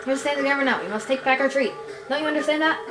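A woman plays a furious, cranky old tribal elder who barks orders, grumbles, scolds, forgets things and bosses the young ones around. Her voice is fairly high, fairly quick and natural, with game music playing in a roomy space behind her.

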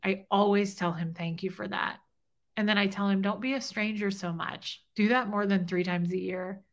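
At normal speed and a steady tone, this middle-aged woman talks with medium pitch while hosting a relaxed livestream. She responds to viewer comments openly and emotionally, chatty and heartfelt throughout.

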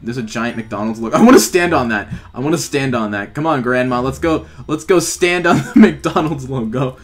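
With faint music behind him, a young YouTuber jokes sarcastically through his gameplay, trolling and frequently laughing as he talks. He has a mid-range voice and talks at a normal speed.

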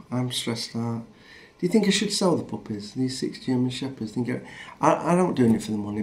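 Filming at his rural home in a small town, a middle-aged Northern English man talks in a loose, sweary, plain-spoken vlog. His voice is medium in pitch and a little mellow, carrying the accent of his Northern England roots.

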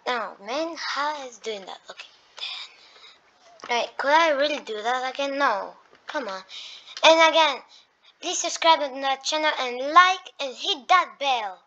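A woman doing excitable let's-play gameplay commentary, talking to the enemies and breaking into sudden shrieks of alarm. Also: sits high, measured pace. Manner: talks to enemies as she plays. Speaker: gaming YouTuber. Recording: dull lo-fi mic.

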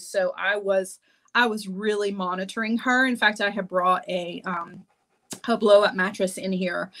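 A woman's voice: a little high, bright, forceful tone. A woman in her forties hosting a jewelry-making livestream from her home office, chatty and bubbly, laughing often as she rambles. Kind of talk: chatty live-stream talk.

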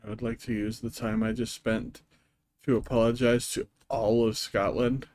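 A man's voice: medium pitch, flat delivery, moderate pace, a little mellow. A young man streaming a game, making wry, self-mocking asides to his chat in casual commentary.

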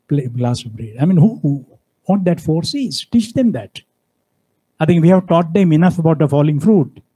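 A man's voice: medium pitch, mellow, breathy edge, low-quality recording. Emphatic man lecturing students. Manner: emphatic, preachy, fond of rhetorical questions. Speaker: guest speaker. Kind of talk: university lecture.

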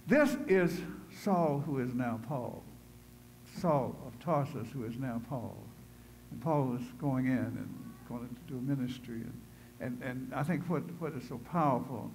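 A man's voice: mid-range voice, unhurried, a little mellow, slight background noise, poor audio. A man preaching a sermon in a church. He tells his story conversationally and builds to fervent, emphatic preaching. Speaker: pastor. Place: church sanctuary.

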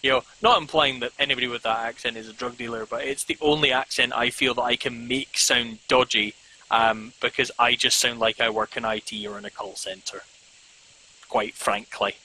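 A man guests on a podcast in a casual video-call chat, rambling with plenty of "um"s and self-mocking jokes. His mid-range voice is bright and forceful, fairly even in intonation at a moderate pace, over a low-quality recording with slight background noise.

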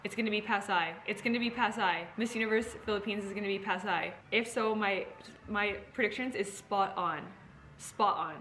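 A woman giving live reaction commentary, excitable and talking straight to her viewers. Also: medium pitch, normal speed, slight background noise. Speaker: pageant reactor.

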